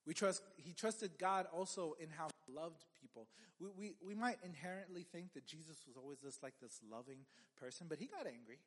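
A man's voice: on the high side, brisk, hardly any pauses, fairly bright tone, in a large hall. A man preaching a sermon as a pastor, in a conversational way with joking asides and frequent restarts.

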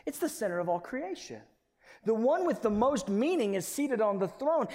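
A man preaching a passionate sermon, swinging from loud proclamation to hushed storytelling. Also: high-pitched, big-room sound.

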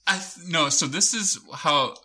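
A man's voice: a little high, unhurried. A man co-hosting a podcast, chatting casually about a TV show with frequent laughter. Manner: amused, laughing often, animated. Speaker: podcast co-host. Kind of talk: casual chat recapping a TV show.

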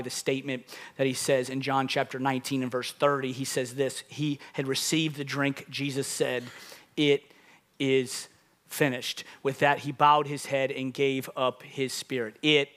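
A man who is a lead pastor, delivering a sermon to a congregation, moving from calm teaching to loud, emphatic preaching with call-outs to the crowd. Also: medium pitch. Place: church service before a congregation.

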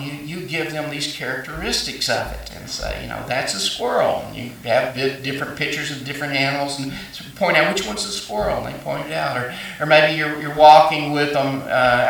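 Folksy preacher, echoey church. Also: male voice, a little high, creaky, sharp tone. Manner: folksy storytelling with frequent fillers and restarts. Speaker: pastor. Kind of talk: sermon. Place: church sanctuary. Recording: echoey church hall, mic at a distance.

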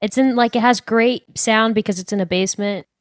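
A young woman's voice, on the high side and a little fast, carries her casual podcast chat as co-host. She fills her sentences with "like," and the audio is clean studio sound without echo.

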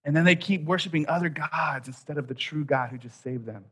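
A man in his thirties preaching a sermon, telling a story with quoted voices and dropping soft at key points. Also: on the high side, a little fast, breathy edge. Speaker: pastor.

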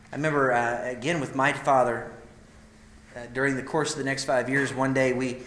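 A man preaching a sermon, telling a personal story with emotion that swells and drops to near a hush. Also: medium pitch, little pitch movement, a little fast, reverberant, a little hiss or hum. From Idaho, USA. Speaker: speaker at a men's gathering.

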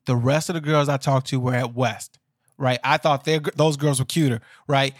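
A man's voice: mid-range voice, fairly even intonation, normal speed, no echo, clean studio sound. A man co-hosting a casual podcast, telling rambling anecdotes with restarts. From Chicago area. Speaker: podcast co-host. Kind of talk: casual chat recapping a reality show.

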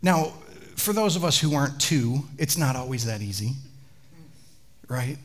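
A male pastor speaks at medium pitch and a little slowly as he preaches, animating his stories and chatting with the congregation in asides.

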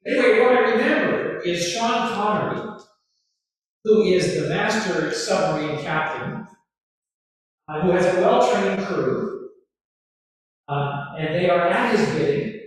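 Male pastor, lively high voice, conversational sermon; large church hall, heavy echo, distant mic. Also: unhurried, long pauses. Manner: conversational preaching with rhetorical questions and asides. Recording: echoey hall from far off.

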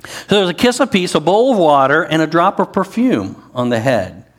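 A middle-aged pastor preaches in a conversational way, full of asides and questions to the listeners. His voice sits a bit high for a man and climbs further when he leans into a point. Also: big pitch swings, moderate pace. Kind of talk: sermon.

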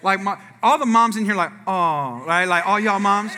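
A man's voice: sits high, normal speed, sharp tone. A man preaching a sermon in a church, telling a family story with acted-out dialogue and asides to the congregation. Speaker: pastor.

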